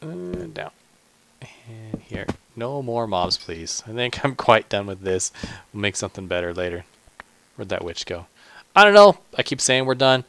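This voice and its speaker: A man's voice: lowish voice, normal speed, fairly bright tone, no echo. A man hosting a gaming channel, giving chatty, self-deprecating let's play commentary, talking to himself with muttered asides and stumbling restarts.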